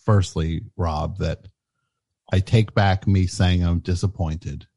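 Male comedy host, deep and mellow, halting and over-apologetic. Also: steady tone, vocal fry, no room sound. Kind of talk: comedy call-in radio.

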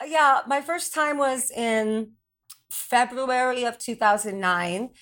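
Rambling laughing guest with a higher voice. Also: female voice, takes it slowly, a bit bright. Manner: rambling, self-deprecating, laughs often. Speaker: podcast guest, drag performer. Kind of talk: casual interview chat.

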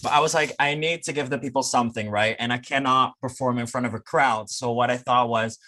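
Bright-voiced Dutch man chatting eagerly. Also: medium pitch, fairly even intonation, fairly quick, slight background noise. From Netherlands. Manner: eager, talkative, many fillers. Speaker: podcast guest, drag performer. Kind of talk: casual chat.

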